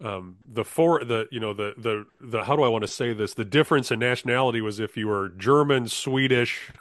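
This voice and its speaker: A man from South Dakota in a casual podcast chat, speaking reflectively with halting restarts. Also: mid-range voice, a bit bright, dry recording.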